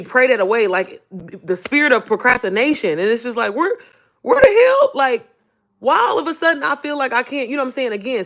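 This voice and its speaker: Animated, swearing motivational woman. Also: medium pitch. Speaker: online business coach. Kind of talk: casual livestream talk.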